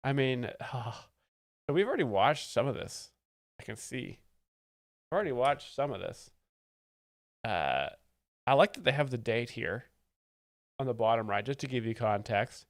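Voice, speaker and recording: A man's voice: mid-range voice, lively intonation, a little slow, long pauses, no room sound, clean studio sound. A man hosting a live stream, explaining stand-up jokes in a sarcastic, mock-expert tone. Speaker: comedy stream host. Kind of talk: casual live-stream commentary.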